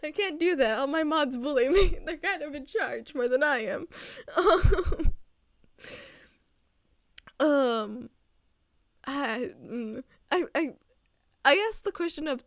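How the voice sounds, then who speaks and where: A woman's voice: sits high, unhurried, long pauses, no room sound, clean studio sound. An eighteen-year-old woman streaming, chatting casually and rambling, laughing often.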